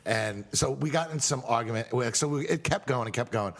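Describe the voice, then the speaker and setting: A man's voice: medium pitch, fairly quick. A man in casual chat on a bar stage as podcast host, rambling and swearing as he tells a story.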